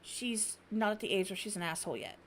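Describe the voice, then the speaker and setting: There's a little hiss or hum behind this mid-range, quick-paced woman's voice. She's in her thirties, hosting a podcast where she animatedly tells stories in casual conversation, swearing freely.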